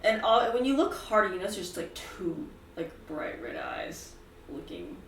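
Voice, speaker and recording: A woman's voice: fairly low pitch, wildly swooping pitch, moderate pace, echoey room, far from the mic, a little hiss or hum. A woman narrating as game master of a tabletop game, giggly and casual.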